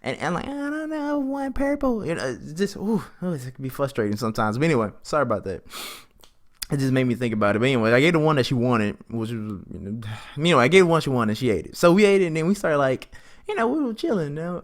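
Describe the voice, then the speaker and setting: A man's voice: lively intonation, quick pace. Rambling, chatty young man. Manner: rambling, chatty, acts out both sides of conversations in a higher voice. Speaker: podcast host. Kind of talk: casual storytelling.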